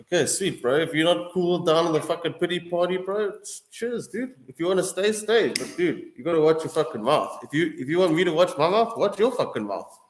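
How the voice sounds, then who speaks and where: A man's voice: a little high, expressive, a little fast, few pauses, a little hiss or hum. A young man in a casual, heated monologue, swearing often and calling the listener bro and dude. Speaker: streamer answering viewers. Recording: echoey room.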